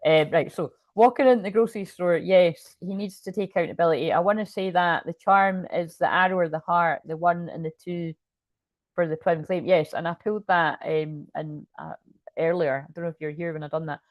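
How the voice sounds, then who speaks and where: A woman's voice: fairly low pitch, steady tone, a little fast, dry recording. A woman giving a casual channeled tarot reading, rambling with lots of fillers and swearing freely. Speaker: tarot reader.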